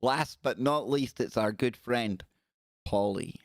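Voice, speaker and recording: A man's voice: mid-range voice, slow, very noisy. A Scottish man hosting a live call-in radio show, chatting loosely and reading news stories aloud with rambling asides. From Scotland.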